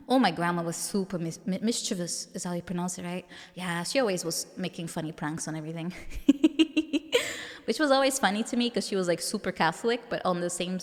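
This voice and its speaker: A woman's voice: fairly low pitch, animated, moderate pace, pauses often, in a large hall. A woman streamer with a mature-sounding voice, chatting casually with viewers and giggling often.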